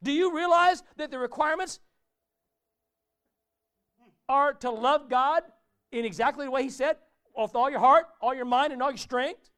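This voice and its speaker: A man's voice: very high voice, fairly quick, a bit bright. A man preaching a conversational sermon in a church, often asking his listeners questions. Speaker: pastor.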